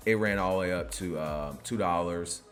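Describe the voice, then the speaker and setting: A man with a deep, low voice talks through crypto charts in a casual, rambling style. He tags almost every phrase with "right?" and keeps an easy, conversational flow. Faint music plays softly in the background. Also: normal speed. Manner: keeps tagging lines with "right?", loose and chatty. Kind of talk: casual screen-share market commentary.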